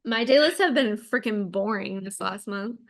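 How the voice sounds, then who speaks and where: A woman's voice: medium pitch, moderate pace, gravelly, background noise. A woman co-hosting a podcast, chatting casually and giggling as she tells stories. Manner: giggly, animated storytelling. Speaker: podcast co-host. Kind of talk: casual chat.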